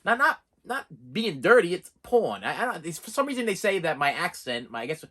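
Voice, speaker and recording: Man, Boston accent, lively up-and-down delivery, rambling collector vlogger. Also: high-pitched, a little fast. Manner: rambling, excitable, talks straight to viewers. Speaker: physical media collector unboxing. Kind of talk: casual unboxing vlog.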